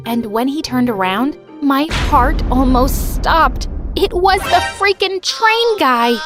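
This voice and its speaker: Woman narrator, first-person story, lively expressive voice, breathless delivery, soft music behind. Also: on the high side.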